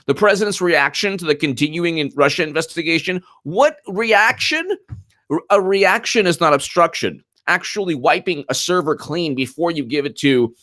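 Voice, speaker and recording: Male political commentator hosting a live stream, sarcastic, fairly high voice with lively swings in pitch, frequent restarts. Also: no room sound, clean studio sound.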